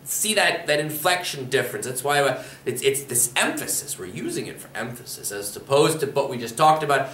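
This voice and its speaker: A man's voice: medium pitch, expressive, brisk, hardly any pauses, fairly bright tone, slight background noise. A man from Pennsylvania teaching a spoken language lesson, explaining patiently and repeating example phrases. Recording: roomy echo.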